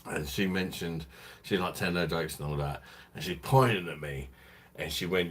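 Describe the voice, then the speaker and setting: Deep husky man, crude and rambling. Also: normal speed, fairly bright tone. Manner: crude, rambling and laughing often. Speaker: beer reviewer hosting a live stream. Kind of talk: casual live-stream chat.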